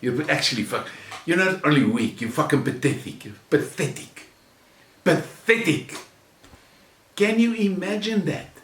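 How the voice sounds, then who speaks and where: A man with a South African accent delivering an angry, profane rant, mocking and contemptuous, swinging from shouts to low sneers. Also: expressive, measured pace, slight background noise. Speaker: channel host. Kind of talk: angry ranting monologue. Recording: roomy echo, mic at a distance.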